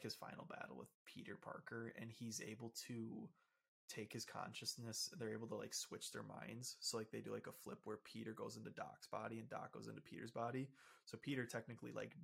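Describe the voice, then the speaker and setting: A man's voice: fairly low pitch, creaky, a bit bright, slightly rough. A young man co-hosting a casual podcast, explaining comic plots in a loose, rambling way full of fillers. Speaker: podcast co-host. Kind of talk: casual chat.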